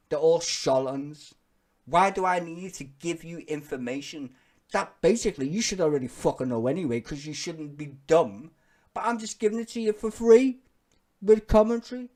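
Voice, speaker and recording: A streamer with a British accent giving blunt, profane commentary on a live stream, growing loud and heated as the rant builds. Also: medium pitch. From Britain. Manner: gets loud and heated when ranting.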